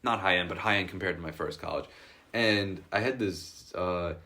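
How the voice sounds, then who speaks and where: A man's voice: low voice, normal speed, bright, forceful tone. A young man co-hosting a casual podcast, telling loose, profane stories and laughing often. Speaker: podcast co-host. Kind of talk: casual chat.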